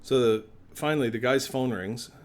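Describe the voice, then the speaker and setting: A Canadian man co-hosting a podcast spins a long, casual story at medium pitch and normal speed. He swears a lot and plays the characters, performing both sides of a phone call.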